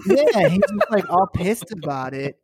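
A man co-hosting a podcast, telling a work story in a casual, animated and profane way and acting out the people he quotes. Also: high-pitched, measured pace, slightly rough, dry recording, studio quality. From works in Los Angeles. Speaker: podcast co-host.

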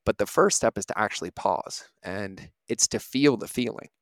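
A man's voice: fairly low pitch, normal speed, dry recording. A man in his thirties, a podcast host, giving an earnest, reflective motivational talk and often asking "right?".

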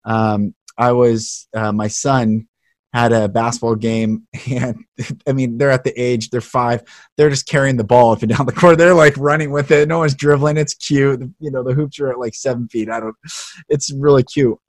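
A man's voice: medium pitch, steady tone, moderate pace, no echo, clean studio sound. A man hosting an interview podcast, talking in an earnest, emotional, heartfelt way. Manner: earnest, emotional, speaks passionately. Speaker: podcast host.

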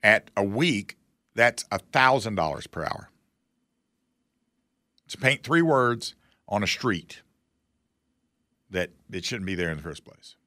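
A man's voice: lowish voice, expressive, slow, pauses often, bright, forceful tone, no echo. A man hosting a talk show, giving casual political commentary in a sarcastic, folksy, mocking way.

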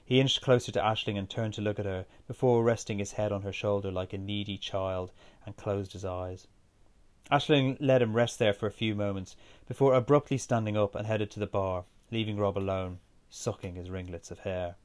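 A man reading a first-person story aloud in a steady, measured way. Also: on the low side. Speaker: narrator.

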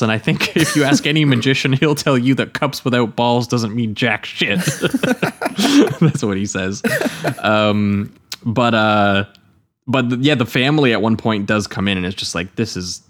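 A man with a somewhat low voice chats casually on a podcast about a film. He retells scenes with animation and slips into acted-out quotes. His talk is peppered with fillers like "you know". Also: animated, a little slow. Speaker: podcast panelist.

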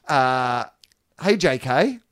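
A man's voice: mid-range voice, big pitch swings, very slow, fairly bright tone. A man co-hosting a casual chat podcast, reading web text aloud and breaking off with joking asides. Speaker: podcast co-host.

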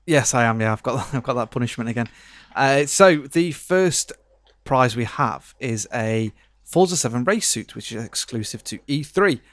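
A man's voice: medium pitch, animated, moderate pace, fairly bright tone, dry recording. A man chatting on a casual podcast with dry, wisecracking remarks. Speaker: podcast co-correspondent.

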